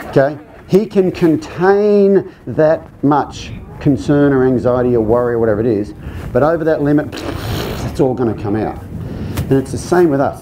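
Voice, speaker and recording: A man's voice: medium pitch, dark tone, a little hiss or hum. A male horse trainer giving a live clinic talk, conversational and joking, often putting questions to the audience.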